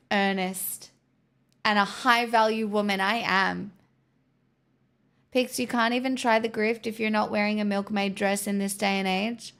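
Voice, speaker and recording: Sarcastic woman streamer, unhurried. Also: mid-range voice, vocal fry, fairly bright tone, smooth. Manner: sarcastic, mock corporate girlboss patter. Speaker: livestreamer. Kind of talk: casual livestream chat.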